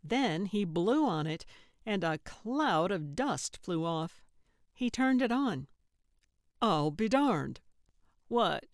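A woman narrating a cozy mystery audiobook in measured, even storytelling on a close studio mic. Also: mid-range voice, dry recording. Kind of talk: scripted narration.

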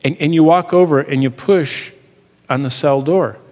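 A man's voice: fairly high pitch, moderate pace, a little mellow. A middle-aged man teaching a sermon in an earnest, emphatic, explanatory way. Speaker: Bible teacher. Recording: long hall reverb.

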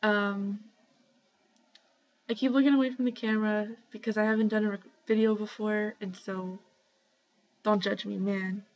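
A young woman at home talking casually to her camera in a rambling shoutout vlog, full of ums and likes. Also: medium pitch, flat delivery, normal speed, pauses often, slight background noise. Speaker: vlogger. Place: home, indoors. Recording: slightly dull lo-fi webcam audio.

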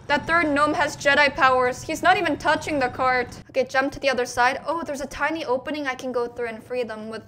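Bright high-voiced woman playing games. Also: fairly even intonation, brisk, slight background noise. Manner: playful, talks to game characters, sudden yelps. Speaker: gaming commentator. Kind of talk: let's play commentary.

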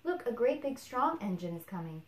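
A woman's voice: on the high side, big pitch swings, moderate pace. Woman doing a cheerful little toy clown, eager, upbeat, echoey room. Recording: roomy echo.

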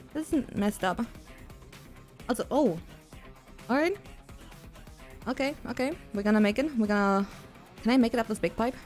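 A young woman streaming a VR game from home, with a slightly high voice. She rambles in a jokey, giggly way, swears freely and bursts into panicked yelps. Faint game music plays under her headset mic. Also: darkish tone. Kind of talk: casual livestream gaming chatter. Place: at home, playing in VR.

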